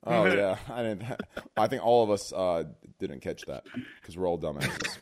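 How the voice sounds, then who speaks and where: A man's voice: low-pitched, lively intonation, normal speed. A man hosting a podcast, chatting casually with crude jokes as he introduces his guests. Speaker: podcast host.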